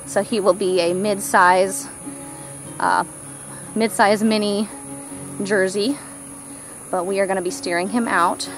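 A woman's voice: medium pitch, rough recording. Breathless woman cooing at farm animals. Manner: chatty, coos baby talk at the animals. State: out of breath from walking in the heat. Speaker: homesteader showing her farm animals. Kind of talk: casual farm tour vlog. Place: outdoors on a farm pasture.

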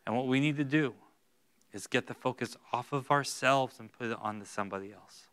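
Bright, clear-voiced male pastor preaching. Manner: swings between hushed, slow words and loud, high bursts. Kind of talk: sermon. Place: church sanctuary.

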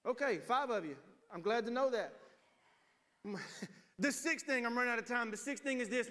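A man's voice: very high voice, normal speed, long pauses, pushed and bright, big-room sound. A man in his forties, a pastor preaching a sermon with humorous storytelling. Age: 40s. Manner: humorous storytelling, acts out voices. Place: church sanctuary.

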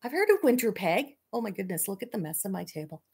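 A woman's voice: medium pitch, sing-song, fast talker, a little mellow, breathy edge. A Canadian woman hosting a fiber arts livestream, chatting casually with viewers in a rambling way and laughing often. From Manitoba, Canada.

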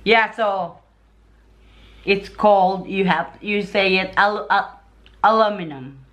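A Filipina woman with a Filipino accent chatting casually in a vlog, telling stories in an animated way. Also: mid-range voice, slow. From Philippines. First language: Tagalog. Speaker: vlogger. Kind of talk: casual chat.

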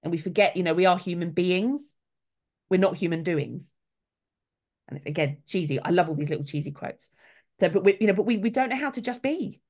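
A woman's voice: lowish voice, fairly quick, darkish tone. A middle-aged woman, a soul midwife, talking casually and earnestly, with quoted voices acted out along the way. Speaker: soul midwife, guest speaker.

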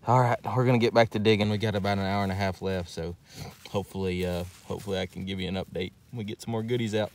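A man's voice: fairly low pitch, steady tone, quick pace, few pauses, darkish tone, slight background noise. A man narrating a metal detecting vlog outdoors into a handheld camera, breathless and exclaiming over his finds. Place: outdoors at a dig site.

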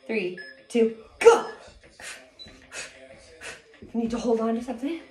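A woman's voice: a little high, racing. Breathless woman coaching a cardio workout. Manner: energetic, counts reps and cheers on. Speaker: fitness instructor. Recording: echoey room with music.

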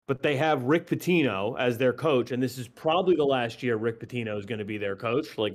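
A man chatting casually as a podcast guest, animated and quick to laugh, often swearing. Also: mid-range voice. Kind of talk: casual chat.

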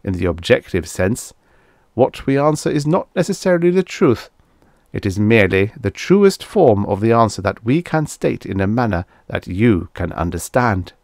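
A man voicing a calm, formal alien oracle machine that speaks in measured, unhurried sentences. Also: fairly low pitch, dry recording, clean studio sound.

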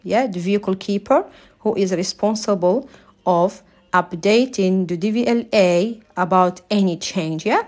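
A woman's voice: mid-range voice, measured pace, darkish tone, soft background music. A woman tutoring a driving theory lesson on a live stream, speaking English as a non-native speaker in a chatty way and often ending sentences with "yeah?". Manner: apologizes for her accent, non-native English.

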